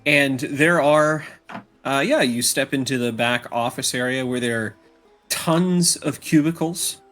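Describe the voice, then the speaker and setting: A man narrating a tabletop game as game master, slow and halting with many fillers. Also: mid-range voice, a bit bright, faint music behind.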